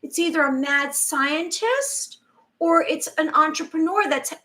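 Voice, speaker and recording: High-voiced rambling woman. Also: measured pace, pushed and bright. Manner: rambling, with restarts and quoted asides. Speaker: spiritual channel host. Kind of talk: casual monologue.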